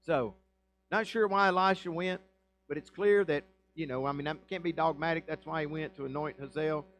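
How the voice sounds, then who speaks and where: A man preaching a sermon in a church, his voice sitting a little higher than most men's. He reads scripture aloud and then unpacks it conversationally, with plenty of rhetorical questions and asides to the congregation. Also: fairly even intonation, brisk, a bit bright, rough recording. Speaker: pastor.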